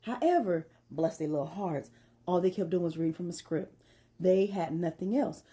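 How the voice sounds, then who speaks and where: A middle-aged woman with a somewhat low voice rants to the camera in a casual, conversational way. She puts stress on her points and sounds exasperated as she tells her story. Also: animated, normal speed, warm tone, husky. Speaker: vlogger. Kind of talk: casual ranting monologue.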